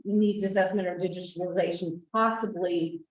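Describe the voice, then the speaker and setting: A woman explaining grant details at a public board meeting, halting and repeating words as she goes. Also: on the low side, fairly even intonation. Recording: roomy echo, distant mic.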